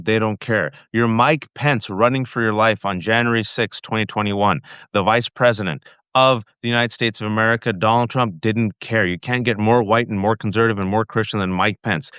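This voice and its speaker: A man's voice: on the low side, moderate pace, a bit bright, clear, resonant tone, no echo. A man hosting a political commentary show, speaking with passion and talking straight to his viewers. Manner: impassioned, addresses viewers directly. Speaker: host.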